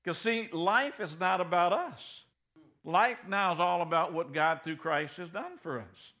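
A middle-aged man preaching a sermon in a folksy, animated way, swinging from loud bursts to soft, low passages. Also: measured pace. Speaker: pastor.

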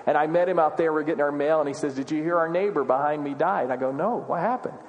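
Male pastor, slightly high voice, earnest conversational sermon, long hall reverb. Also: fast, lo-fi sound. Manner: earnest, conversational preaching with rising questions.

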